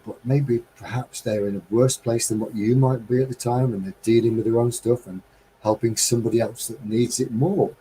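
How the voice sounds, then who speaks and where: A man's voice: medium pitch, fairly even intonation, moderate pace, warm tone, a little hiss or hum, rough recording. A middle-aged man from England hosting a live stream, musing in a heartfelt, rambling, wistful way. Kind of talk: reflective casual monologue.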